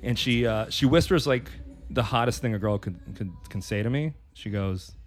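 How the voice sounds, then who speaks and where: A man's voice: medium pitch, moderate pace. A man co-hosting a podcast, telling a personal story in a rambling way, repeating words and laughing often. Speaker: podcast co-host. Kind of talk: casual chat, telling a sex story.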